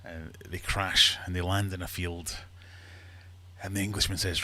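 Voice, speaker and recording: A man hosting a casual livestream from his fish room, chatty and quick to laugh while telling jokes. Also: low voice, level tone, pushed and bright. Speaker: livestream host.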